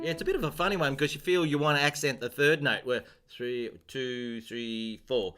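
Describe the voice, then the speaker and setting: A man teaching a casual live-stream piano lesson, chatty and self-deprecating, chanting rhythms aloud, his voice a little rough with throat-clearing and coughs. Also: medium pitch, moderate pace, few pauses. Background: piano playing.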